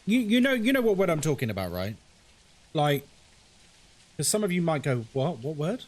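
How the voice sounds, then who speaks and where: Male horror streamer with a fairly high, very lively voice, chatty and ranty, cursing freely while he plays. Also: moderate pace. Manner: chatty, ranting, swears and laughs often. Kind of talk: casual live-stream commentary.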